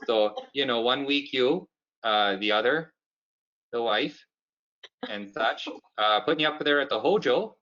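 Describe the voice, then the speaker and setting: A man's voice: medium pitch, unhurried, sharp tone, highs cut off. A man doing a chummy Canadian boss. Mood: folksy. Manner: chummy, drawling, full of "there" and "you know". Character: folksy cheap male Canadian TV boss.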